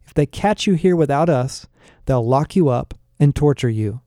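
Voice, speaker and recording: A man's voice: medium pitch, expressive, moderate pace, mellow, no echo, studio quality, lightly acted. A man reading aloud, voicing an impatient leader who gives curt orders. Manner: curt and commanding.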